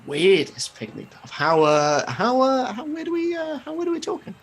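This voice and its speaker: A man doing a loud, cheerful young wizard shopkeeper in a tabletop game, pitched high above his own voice and pushed forward. He rattles off brash, playful sales patter like a market showman. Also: huge pitch swings, moderate pace, vocal fry, breathy edge, full character voice. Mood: chatty.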